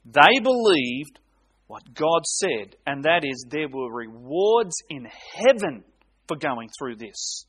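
A man preaching an expository sermon, reading scripture aloud with slow, emphatic delivery and dramatic pauses. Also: on the high side, sing-song, a bit bright.

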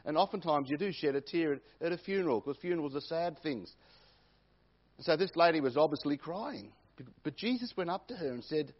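Male preacher, slightly high and husky voice, dull lo-fi recording, sermon delivery. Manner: repeats key phrases for emphasis.

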